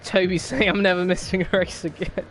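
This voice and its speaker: A man's voice: high-pitched, flat delivery, brisk, fairly bright tone, soft background music. A young man hosting a racing league stream, chatting casually in a wry, rambling way and laughing often. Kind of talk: casual live-stream chat.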